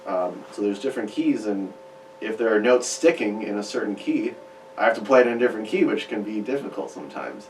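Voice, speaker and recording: A Chicago musician, a man with a lowish voice, talks briskly as a guest in a radio studio interview, chatting and rambling. The recording is roomy, from a distant mic with faint hiss.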